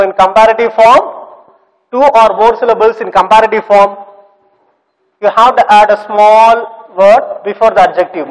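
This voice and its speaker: High-voiced teacher, echoey room. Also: male voice. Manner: repetitive, spells words out, quizzes students. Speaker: English teacher. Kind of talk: classroom grammar lesson. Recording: long reverb, echoey room.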